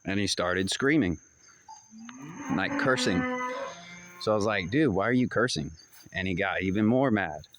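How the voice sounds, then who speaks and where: A man's voice: low-pitched, lively intonation, brisk, background noise. A man casually telling a story to the camera, rambling and repeating himself in loose, slangy talk. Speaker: vlogger. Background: dogs barking and distant fireworks.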